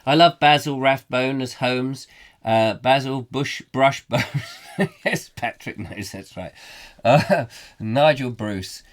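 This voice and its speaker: A man's voice: mid-range voice, slow. A middle-aged Englishman hosting a live comic chat show, rambling playfully and slipping into silly voices. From England.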